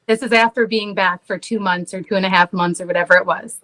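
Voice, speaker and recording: A woman's voice: mid-range voice, steady tone, fast, pushed and bright, rough recording. A woman in her thirties, a podcast guest, telling a story in casual conversation, saying "like" often and laughing at herself.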